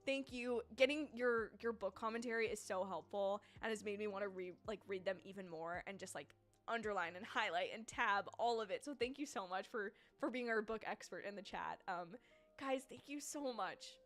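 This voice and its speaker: A woman's voice: medium pitch, moderate pace, fairly bright tone, faint music behind. Chatty, gushing young woman streamer. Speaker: YouTube reviewer hosting a live reaction stream. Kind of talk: casual livestream chat.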